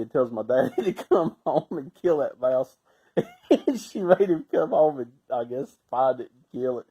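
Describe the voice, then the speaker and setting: Appalachian storyteller, middle-aged man, folksy and laughing, shouts at the punchlines. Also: mid-range voice, muffled recording. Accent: Southern Appalachian. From Southern Appalachian US. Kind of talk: casual storytelling.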